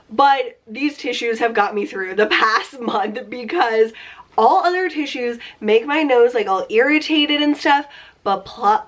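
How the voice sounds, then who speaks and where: A young woman in her late twenties talks through her beauty favorites in a relaxed, chatty vlog. Her slightly high voice sounds nasal and congested from a lingering cold. She keeps a friendly, rambling flow full of fillers. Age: 20s. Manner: chatty, upbeat, many fillers like "like". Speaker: beauty vlogger. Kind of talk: casual beauty favorites chat.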